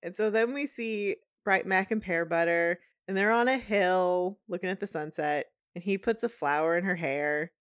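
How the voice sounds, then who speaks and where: A woman's voice: lowish voice, moderate pace, hardly any pauses, no echo. A woman hosting a podcast, gushing in casual chat while recapping a cartoon. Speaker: podcast host.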